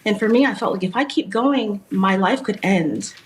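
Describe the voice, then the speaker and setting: A woman's voice: medium pitch, lively intonation, slight background noise. A woman in her thirties, an author and fitness blogger, answering interview questions in an earnest, heartfelt way. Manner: earnest, heartfelt, slow emphasis.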